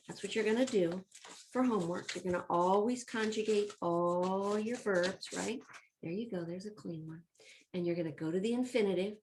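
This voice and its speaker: A woman's voice: fairly low pitch, a little slow, a little hiss or hum. A woman teaching a recorded Latin review lesson to children. She speaks in an upbeat, encouraging way, addresses the kids directly and chants word forms in rhythm.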